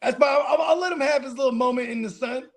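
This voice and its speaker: A young man co-hosting a football watch party, telling animated stories in casual chat and swearing freely. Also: very high voice, fast talker.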